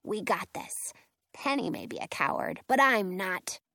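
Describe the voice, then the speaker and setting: Brief: woman voicing a plucky storybook girl, lively pitch, unhurried. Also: gravelly, no room sound, clean studio sound, full character voice. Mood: earnest. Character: brave, determined young girl.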